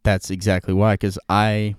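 A young man rambling through a casual podcast conversation, full of fillers and restarts. His voice sits low and resonant, recorded close and dry. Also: level tone, moderate pace, smooth, dry recording.

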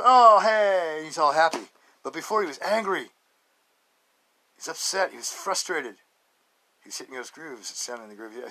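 A man with a bright, forceful voice talks off the cuff on his own podcast. He rambles in a folksy, joking way, laughing often as he wanders from one story to the next and into life advice. His pitch sits right in the middle. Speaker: podcast host. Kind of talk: casual rambling monologue.

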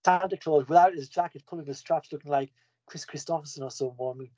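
A man recapping a comic story in a casual, enthusiastic way, often restarting his sentences. His voice is mellow and soft-edged. The audio is dry and a little dull, like lo-fi podcast audio. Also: fairly high pitch, a little fast, no echo. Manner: enthusiastic, rambling, with frequent restarts.

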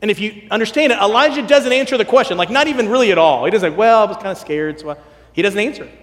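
A man preaches with a high, lively voice, acting out quoted lines and dropping to a hush to stress a point. His voice rings through a long hall reverb, as in a church sanctuary. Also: very fast. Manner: animated, acts out quotes, drops to soft hush for emphasis. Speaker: pastor. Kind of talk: sermon.

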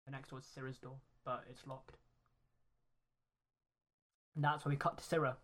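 A woman game master narrates a dark scene in a slow, low-key way. Her voice sits very deep for a woman, and she keeps the delivery quiet and steady.

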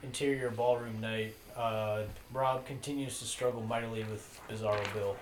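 A man's voice: lowish voice, fairly even intonation, normal speed. Man reading comedy stage directions. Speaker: narrator of a comedy script. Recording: echoey room, faint noise.

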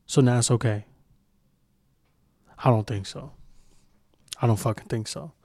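A man's voice: mid-range voice, measured pace, creaky, mellow, dry recording. A young man hosting a solo podcast, ranting with heavy profanity and mocking impressions. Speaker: podcast host. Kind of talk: heated solo podcast rant.

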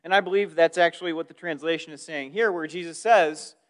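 A man with a notably high-pitched voice delivers a sermon as a pastor. He teaches in a relaxed, conversational way, adding casual asides and restarting his sentences as he goes. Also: fairly quick.

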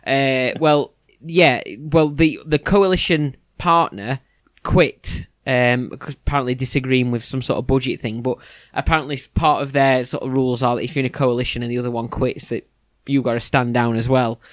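A man's voice: medium pitch, fairly even intonation, moderate pace, no echo. Hesitant man, dry close sound. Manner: hesitant, lots of restarts and fillers. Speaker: podcast co-host. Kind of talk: casual chat.

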